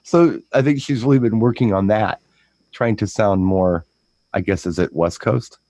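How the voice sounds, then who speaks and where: Rambling, animated man with a low voice. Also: moderate pace, no echo. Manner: rambling, animated storytelling with frequent restarts and mimicked voices. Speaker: DJ co-host. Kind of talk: casual chat.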